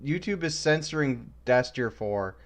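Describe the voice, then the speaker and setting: A man's voice: mid-range voice, expressive, measured pace. A man co-hosting a stream, chiming in with wry comments in casual chat. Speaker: stream co-host.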